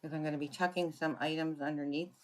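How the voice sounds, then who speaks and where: A woman giving a casual card-making tutorial, chatting and thinking aloud as she works, often clearing her throat. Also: low-pitched, steady tone, fast talker. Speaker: papercraft demonstrator.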